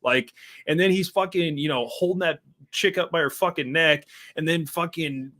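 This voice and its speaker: His voice sits on the high side and moves at a normal pace. This young podcast host chats casually, swears constantly, and gets animated as he mocks film lines with exaggerated voices.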